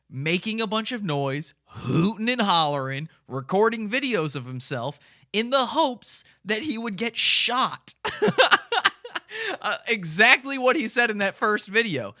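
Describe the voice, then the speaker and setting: A man's voice: on the high side, sharp tone, no echo, studio quality. A man hosting a live stream, commenting casually and animatedly, often laughing between lines.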